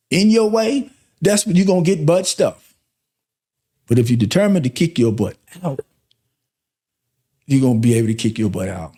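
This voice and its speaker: A man's voice: mid-range voice, warm tone. A man hosting a podcast as a life coach, giving a faith-based motivational talk with emphatic, repeated rhetorical questions.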